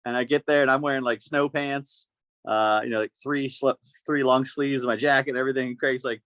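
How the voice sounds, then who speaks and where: A man's voice: mid-range voice, brisk, dry recording. Man telling a story. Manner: animated storyteller acting out quoted voices. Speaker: podcast host. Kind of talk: casual podcast chat.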